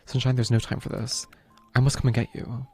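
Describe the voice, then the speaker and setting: A man's voice: mid-range voice, little pitch movement, fairly quick, dark tone, slightly rough, soft background music. A man voicing the male Grim Reaper in a video game, a protective and brooding figure who speaks in formal, earnest sentences. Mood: worried.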